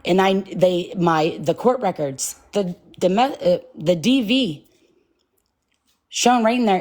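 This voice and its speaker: A woman's voice: medium pitch, lively intonation, measured pace, darkish tone. A woman hosting a livestream, shaky and nervous, talking bluntly and confrontationally and swearing freely. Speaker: livestream host.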